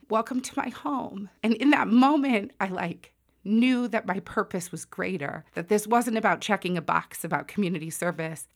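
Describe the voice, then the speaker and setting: A woman in her forties from the United States telling a personal story to an audience, loud and self-mocking, with quick asides. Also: mid-range voice, creaky.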